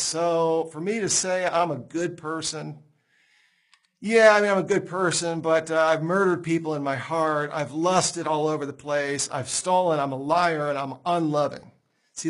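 A man teaching on a Bible passage in a conversational sermon style, animated, acting out quoted dialogue with a laugh here and there. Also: on the high side. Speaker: preacher.

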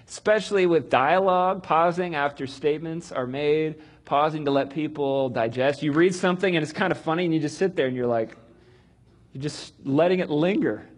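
A man's voice: fairly high pitch, moderate pace. A man teaching a church group about storytelling in a loose, chatty way, full of ums and little laughs. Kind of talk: casual teaching talk.

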